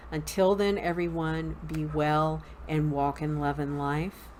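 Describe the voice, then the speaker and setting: Middle-aged woman, Wicca teacher, slow, relaxed delivery with lots of "um" and "okay?", faint room noise. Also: sits low. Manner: relaxed, many fillers, checks in with "okay?". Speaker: host teaching a Wicca course. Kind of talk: casual spoken lesson.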